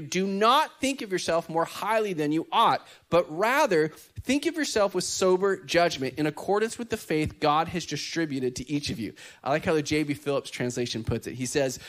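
A man, preaching a lively sermon full of jokes and acted-out quotes. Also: a little high. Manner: lively, joking, acts out quoted voices. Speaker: pastor.

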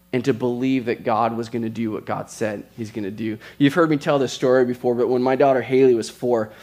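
A man as pastor, preaching a sermon in a conversational way and telling stories with quick asides. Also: medium pitch.

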